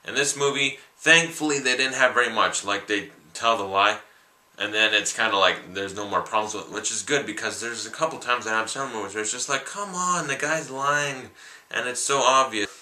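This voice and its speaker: A young man talks through a film review in a loose, offhand ramble that leans on "like". His voice sits fairly low but sounds very bright. The room is echoey. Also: a little fast. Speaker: movie reviewer. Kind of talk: casual spoken film review.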